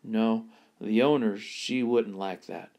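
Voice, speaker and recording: A man's voice: lowish voice, steady tone. A man doing a shy, stammering shop clerk. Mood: hesitant. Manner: hesitant, stammering, slow and quiet.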